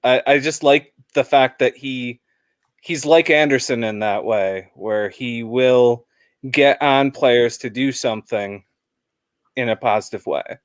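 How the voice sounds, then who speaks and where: A man's voice: medium pitch, a little slow, dry recording, studio quality. A man chatting casually as a guest fan about a football match, rambling with lots of fillers.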